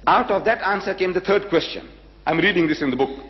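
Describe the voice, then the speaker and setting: A man's voice: high-pitched, brisk. A man with a South African accent telling a story in a public lecture and acting out the dialogue. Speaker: public speaker. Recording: dull old recording with long hall reverb.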